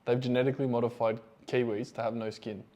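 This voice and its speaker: Casting note: male podcast co-host, warm mellow tone, relaxed and thoughtful. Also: mid-range voice, fast. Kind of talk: casual chat.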